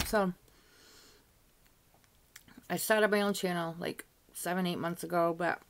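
A woman's voice: fairly low pitch, steady tone, measured pace, long pauses. Chatty older woman vlogging. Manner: chatty and rambling, with frequent "you know" asides and light laughs. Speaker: beauty vlogger. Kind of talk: casual chat to camera.

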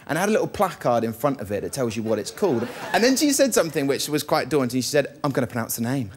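A young male comedian doing a lively stand-up routine on a TV studio stage. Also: mid-range voice, fast. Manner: lively storytelling with quoted voices. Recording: studio audience laughter and noise.

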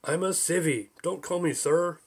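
A man's voice: a little high, normal speed, vocal fry, breathy edge. A man voicing an irritable, sneering middle-aged senator in an audiobook, curt and irritated.

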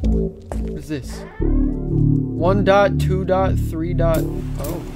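A man's voice: high-pitched, huge pitch swings, drawn-out words. Young guy streaming a scary game, stammers and swears, voice jumps all over, game music behind. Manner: jittery, stammering, swears a lot, yells in fright. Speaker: gaming YouTuber. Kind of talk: horror game let's play commentary.

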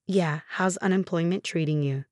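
A woman's voice: lowish voice, normal speed, a little mellow, no room sound, studio quality, lightly acted. A woman voicing a scornful middle-aged mother-in-law in a narrated story, with a mocking, dismissive manner.

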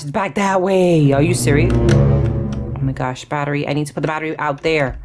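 A woman talks her way through a video game, chattering to herself and breaking into sudden high shrieks. Her pitch leaps up and down constantly, very animated. Clear game music plays underneath her. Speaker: gaming channel host. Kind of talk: live gameplay commentary.

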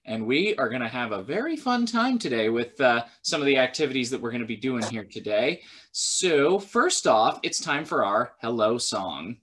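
Young male children's librarian, bright, sing-song lead for baby songs. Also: normal speed, hardly any pauses, husky. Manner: sing-song, animated, with sudden high cheers.

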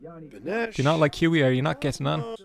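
A man's voice: a little high, lively intonation, normal speed, gravelly, a crowd in the background. A young Irish man from Cork giving sarcastic, rambling, jokey commentary over a life-sim game as a gaming YouTuber, swearing freely. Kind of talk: gameplay commentary.

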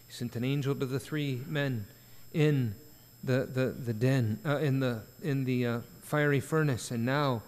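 A man's voice: mid-range voice, measured pace, few pauses, a little mellow. A man preaching an earnest sermon at a church prayer meeting, rising to emphatic peaks. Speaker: pastor. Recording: church sanctuary with long reverb.

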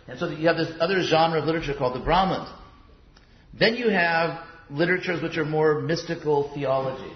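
A man gives a relaxed, wandering lecture on yoga philosophy, chatty and digressive, trailing into asides and restarting sentences amid many fillers. His voice sits at a middle pitch. The recording sounds roomy, dull, and a little muffled, like a classroom.

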